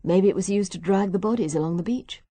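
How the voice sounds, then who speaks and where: A woman's voice: medium pitch, fast talker, dark tone, no room sound, close to an everyday voice. A woman voicing a friendly young man, eager and chatty.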